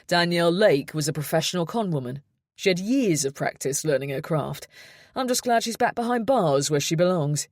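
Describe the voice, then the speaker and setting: A brisk, businesslike man, read by a woman narrator. Her voice is low and dry, close to the mic. He delivers each point plainly in this storybook reading. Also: lively intonation, darkish tone, dry recording.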